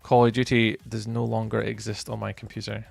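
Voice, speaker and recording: A man's voice: lowish voice, completely flat delivery, brisk, gravelly, a little mellow, faint music behind. A man streaming a game, chatting casually with his viewers while he plays. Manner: chatty, talks to chat while playing. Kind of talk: casual live-stream chat.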